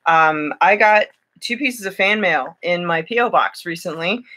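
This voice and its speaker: A woman's voice: fairly low pitch, animated, measured pace, pushed and bright. A young woman chatting casually on a home live stream, self-deprecating, drifting in and out of a put-on British lilt. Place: home room at night.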